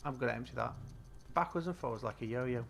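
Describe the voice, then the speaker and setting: A British man chats loosely and mutters to himself while he plays a game on a live stream. His voice sits at a middling pitch with a gravelly edge, and a steady hiss of background noise runs beneath it. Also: quick pace. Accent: British English. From Britain. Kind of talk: casual live-stream commentary.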